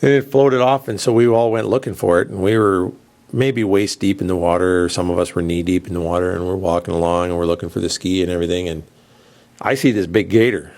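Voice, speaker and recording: A man's voice: sits low, steady tone, quick pace, a little mellow. A middle-aged man hosting a radio show, telling a long rambling story in a casual way and laughing as he goes. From southern United States. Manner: rambling, laughs through his own story.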